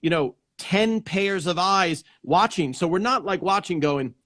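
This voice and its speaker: A male host in a casual live interview, heard over a video call. His voice sits a little high for a man. He rambles, repeats himself and restarts sentences as he works toward his point. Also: expressive, unhurried, fairly bright tone.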